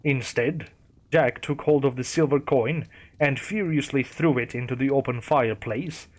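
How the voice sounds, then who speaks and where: A man reading a first-person horror story aloud with a steady storytelling delivery. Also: medium pitch, normal speed. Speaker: narrator. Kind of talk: scripted horror story narration.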